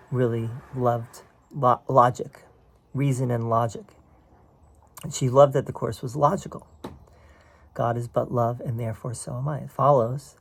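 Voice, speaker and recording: A man's voice: medium pitch, creaky, slight background noise. A man teaching a spiritual text in a casual, conversational way, explaining passages and often checking in with "right?". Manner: explains quoted text line by line.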